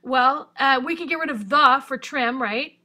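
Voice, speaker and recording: A woman's voice: high voice, moderate pace, bright, forceful tone. A woman teacher giving a chatty, upbeat writing lesson over a screen recording, thinking aloud as she goes.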